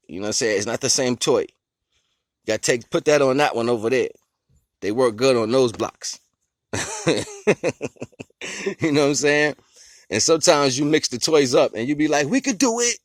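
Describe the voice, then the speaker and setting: In a dry, clean studio recording, a low-voiced vlogger lays out his life philosophy in a loose, rambling monologue. Frequent chuckles, everyday comparisons and a constant "you know what I'm saying" run through his laid-back talk.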